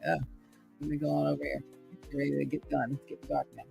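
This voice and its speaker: A woman's voice: low-pitched, monotone, fast talker, creaky, dark tone, faint music behind. A woman hosting a motivational livestream from her home, speaking in an upbeat, repetitive, preachy way. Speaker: host and radio traffic reporter. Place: home room in the evening.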